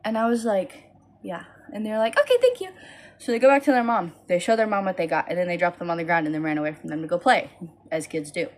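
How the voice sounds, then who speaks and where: Tired young woman, low-ish voice, rambling casual phone vlog storytelling. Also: quick pace. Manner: tired, rambling, animated with high-pitched quoted voices. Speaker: small business owner vlogging.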